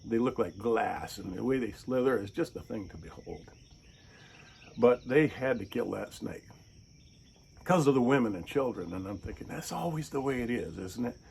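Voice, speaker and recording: A man, the channel's host, telling a casual story, animated and acting out the people he quotes in raised voices. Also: medium pitch, moderate pace, vocal fry, slightly rough.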